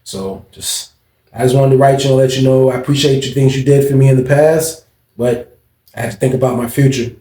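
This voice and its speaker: A man voicing a slippery, smooth-talking male inmate as he reads out a letter in a lower, softer voice. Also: steady tone, a little fast, roomy sound, natural voice. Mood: placating.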